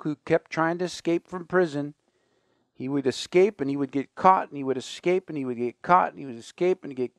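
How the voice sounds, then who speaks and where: A man's voice: on the high side, no room sound. A man hosting a finance radio show, talking casually and conversationally with fillers and asides.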